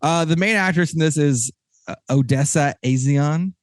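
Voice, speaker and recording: A man hosting a casual podcast chat with a Texan accent, rambling and excitable, with many restarts. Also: fairly high pitch, normal speed, dry recording, studio quality. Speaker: podcast host.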